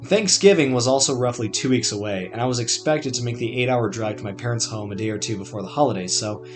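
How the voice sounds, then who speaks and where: A man's voice: medium pitch, fast talker, music in the background. Wry young man telling his own story. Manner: wry, conversational storytelling with dry asides. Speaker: podcast memoir narrator. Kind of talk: scripted personal narration.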